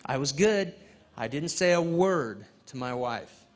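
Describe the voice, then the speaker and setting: A man delivers a testimony sermon in a slightly higher-than-average voice. His pitch rises and falls expressively as he tells the story, and he acts out the conversations. His pace is slow and unhurried. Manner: animated storytelling, acting out dialogue with laughter. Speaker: guest speaker at a men's fellowship.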